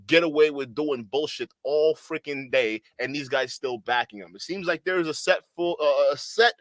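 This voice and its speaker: Bright-voiced man ranting casually. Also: on the high side, no room sound. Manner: rambling, profane, keeps asking "okay?". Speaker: commentary channel host. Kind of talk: casual commentary.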